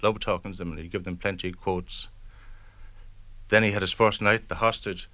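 A man's voice: sits low, fairly even intonation, moderate pace, pushed and bright, no echo. A man sharing memories of a friend in a documentary interview, chatty, with hesitant restarts. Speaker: friend recalling the writer.

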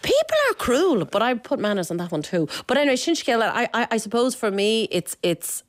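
Woman radio co-host, chatty and self-mocking, very lively pitch. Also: a little fast, no echo. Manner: chatty, self-deprecating storyteller. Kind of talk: casual radio chat.

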